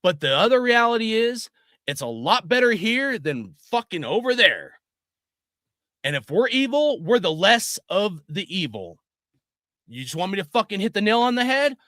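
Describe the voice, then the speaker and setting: High, lively, angry man. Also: normal speed, no room sound, clean studio sound. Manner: angry, swearing constantly. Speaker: video host. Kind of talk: profane opinion rant.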